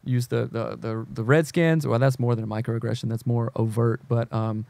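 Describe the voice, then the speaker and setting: Man, from the south, podcast guest, earnest and searching, restarts a lot, mid pitch, dry recording. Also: fairly even intonation, moderate pace, vocal fry, a little mellow, no room sound. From American South. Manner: earnest, searching, restarts often, acts out quotes. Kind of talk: casual conversation.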